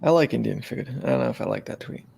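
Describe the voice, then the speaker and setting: A man's voice: lowish voice, big pitch swings, quick pace, gravelly, a little mellow, a little hiss or hum. A man co-hosting a casual podcast chat, chiming in with short remarks and mild objections. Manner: brief interjections, mild objections. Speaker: podcast co-host.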